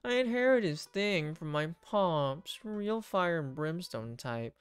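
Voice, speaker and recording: Goofy, easygoing dad pastor in a dating game, a woman reads him, slow and low-key, dry close sound. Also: animated, clean tone, no echo. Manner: slow, drawn-out joking delivery. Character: laid-back middle-aged dad pastor, goofy.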